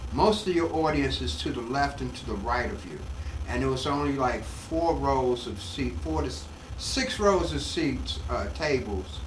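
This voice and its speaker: An older male comedian telling an animated story in an interview at home, acting out the voices, recorded off-mic in an echoey room. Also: medium pitch, recorded from a distance, a little hiss or hum. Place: his home.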